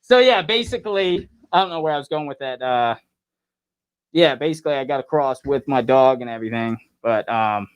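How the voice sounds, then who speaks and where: A man's voice: medium pitch, expressive, fairly quick, clear, resonant tone. A man, a pro wrestler guest, telling a rambling story in casual podcast chat, laughing often and acting out what others said.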